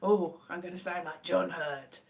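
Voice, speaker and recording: Hoarse woman rambling through a cold. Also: on the low side, steady tone, moderate pace, darkish tone. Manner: rambling, chatty, self-deprecating. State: hoarse with a cold and sore throat. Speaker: live streamer. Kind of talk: casual live-stream chat. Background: her own faint guitar strumming.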